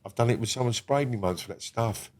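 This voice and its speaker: A middle-aged man, a guest in a casual podcast interview, talking bluntly with lots of swearing and often dropping to a quiet murmur. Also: fast, a little hiss or hum. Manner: blunt and heavy on swearing, drops to a low murmur.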